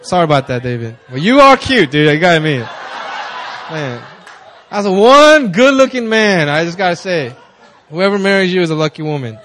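A young man preaching at a prayer meeting, telling stories in a loose, conversational way, often laughing and jumping up in excitement. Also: a little high, fairly quick. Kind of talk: casual sermon with storytelling.

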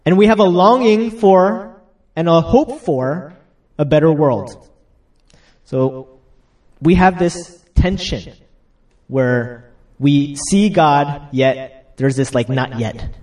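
Young male pastor, chatty and laughing, slightly high voice, recorded from a distance. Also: slow pace, darkish tone. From United States. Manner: chatty, laughing asides, acts out quotes. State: getting over a cold. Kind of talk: casual sermon.

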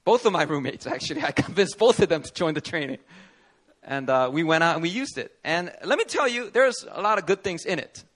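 A man preaching a sermon as pastor at a church service, telling stories with animated energy and acting out the people he quotes. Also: a little high, a little fast.

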